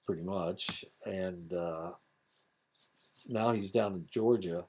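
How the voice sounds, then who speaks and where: A man's voice: low voice, slow pace, a little mellow, slight background noise. Rambling older Midwestern man lecturing. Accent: Indiana. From Indiana. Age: 70s. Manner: rambling, digressive with many fillers. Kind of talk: recorded lecture.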